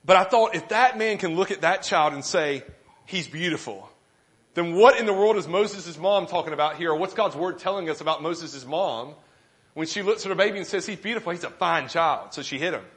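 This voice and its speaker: Male pastor, sermon delivery, a touch higher-pitched, animated storyteller who acts out the dialogue. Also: a little fast. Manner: storytelling with self-deprecating humor.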